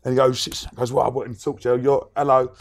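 A man's voice: mid-range voice, level tone, fast. A man telling a story in casual chat, acting out the quotes and laughing often.

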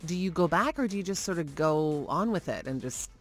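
A woman's voice: fairly low pitch, lively intonation, fairly quick. A woman co-hosting a morning radio show, chatty and encouraging. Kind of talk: casual radio banter. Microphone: studio microphone.

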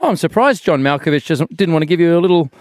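A man's voice: a little high, expressive, quick pace, soft background music. A man, hosting breakfast radio in a breezy, teasing way. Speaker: radio host.

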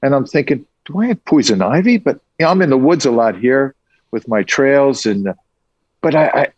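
A man being interviewed, talking in a lively, casual way with quick asides. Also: medium pitch, dry recording, highs cut off. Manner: energetic storyteller, quick asides. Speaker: guest.

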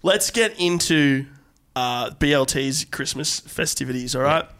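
A man's voice: medium pitch, unhurried, a bit bright, clean tone. A man co-hosting a comedy podcast, rambling in a mock-serious, teasing way into a studio mic. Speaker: podcast co-host.

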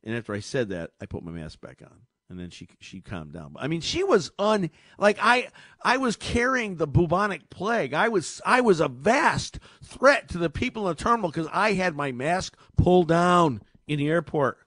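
Lively-voiced man hosting call-in radio. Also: on the high side, normal speed, no echo. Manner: storytelling, animated, repeats words. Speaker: radio talk show host. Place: radio studio. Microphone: studio microphone.

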